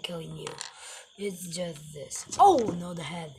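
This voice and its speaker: A woman's voice: lowish voice, slow, dark tone. A woman unboxing toys in casual, playful commentary. She chats to the toy figures and apologizes to them, with non-native phrasing. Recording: noisy home recording.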